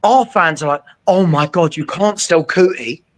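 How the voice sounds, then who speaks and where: A man, co-hosting a casual football chat, emphatic and often checking agreement with a quick question. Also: on the high side. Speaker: co-host.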